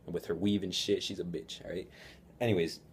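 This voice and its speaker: A man's voice: sits low, level tone, brisk, slight background noise. A teenage boy telling a story in a casual vlog, rambling and profane, often laughing. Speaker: vlogger.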